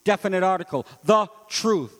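A man with a high voice preaches a sermon in a church. He swings from loud, ringing climaxes down to hushed asides and asks the congregation rhetorical questions. A long reverb trails behind every phrase. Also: moderate pace. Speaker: pastor. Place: church sanctuary.

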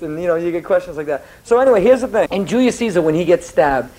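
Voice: medium pitch, lively intonation, fast, a little mellow, poor audio. Rambling teacher lecturing a class. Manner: rambling, digressive, self-correcting; asks the class questions. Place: classroom with students.

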